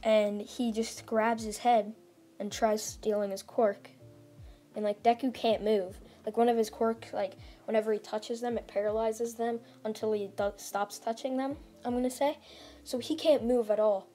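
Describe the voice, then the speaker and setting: A woman's voice: on the high side, steady tone, normal speed, dark tone, faint music behind. A woman casually retelling a fan-made story, rambling with lots of "like" and restarts.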